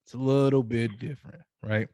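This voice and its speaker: A man in relaxed conversation, preaching his rules with loose, profane storytelling and constant restarts. His voice sits at an ordinary pitch. The recording is dry and close. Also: a little fast, no echo. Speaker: podcast co-host. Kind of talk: casual chat giving advice.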